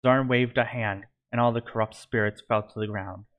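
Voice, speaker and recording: A man's voice: fairly low pitch, fairly even intonation, brisk, highs cut off. A man reading a fan-written adventure story aloud in an amateur way, stumbling and correcting himself. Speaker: narrator.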